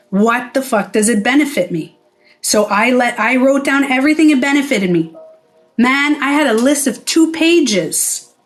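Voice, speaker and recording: A middle-aged woman who used to own a spa speaks directly to the camera in a casual vlog, her voice at a medium pitch. She's blunt, swears a lot, and performs the voices of the people she quotes.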